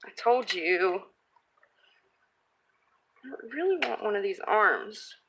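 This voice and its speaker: A woman's voice: medium pitch, lively intonation, slow pace, fairly bright tone, a little hiss or hum. A woman crafting vlogger chatting casually as she works and thinks aloud, reading viewer comments. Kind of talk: casual live-stream crafting chat.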